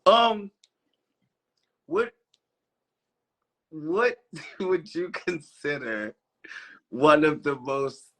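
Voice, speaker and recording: A man's voice: on the high side, big pitch swings, extremely slow, long pauses, a bit bright. A man from Baltimore hosting a casual interview, talking in a reflective, conversational way and laughing easily. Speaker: host.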